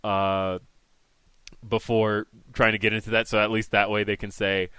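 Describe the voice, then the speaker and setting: A man hosting a wrestling talk podcast, telling stories in a wry, deadpan way in casual chat. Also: fairly low pitch, normal speed, smooth, no room sound. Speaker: podcast host.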